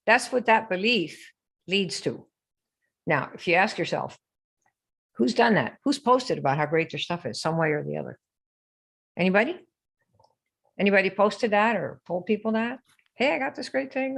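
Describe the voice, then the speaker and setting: A woman's voice: medium pitch, a bit bright. A woman running a live online sales coaching session, peppering listeners with questions and mocking typical sales posts. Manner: rhetorical, keeps asking the audience questions; mocking sing-song when quoting sales posts.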